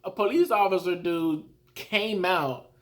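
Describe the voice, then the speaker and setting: In a high voice and at an unhurried pace, a man talks through rap battles casually and with animation, acting out how he reacted.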